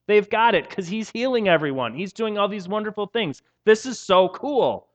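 Animated, high-voiced male preacher. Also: normal speed, dull audio. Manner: animated, playful storytelling with casual slang. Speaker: pastor. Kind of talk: sermon.

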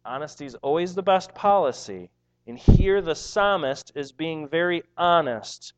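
An earnest man preaching a sermon, emphatic and prone to repeating his words as he presses a point. His voice sits a little high for a man. The recording is dull and lo-fi. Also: animated, measured pace, clear, resonant tone.

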